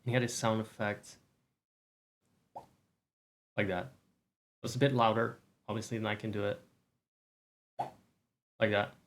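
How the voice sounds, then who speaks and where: A male streamer in quiet, casual chat, rambling and softly mocking himself with light laughs. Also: lowish voice, flat delivery, brisk.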